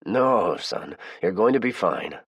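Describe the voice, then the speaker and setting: A man doing Grant, a steady army medic. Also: lowish voice, slow, slightly rough, no echo, highs cut off, voice pushed up, full character voice. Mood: calm. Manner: steady, reassuring. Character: calm fatherly older male army medic.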